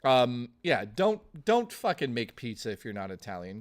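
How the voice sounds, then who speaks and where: A male streamer talks to his live chat at an everyday mid pitch. He rants and swears in a loose, blustery way. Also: very animated, moderate pace. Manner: profane, blustery ranting to chat.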